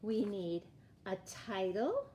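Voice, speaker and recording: Lively, slow-speaking storytime librarian woman. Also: mid-range voice, slight background noise. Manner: animated, slow and clearly spoken for young children. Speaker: children's library storytime presenter. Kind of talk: reading a picture book aloud and teaching young children. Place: library programme room.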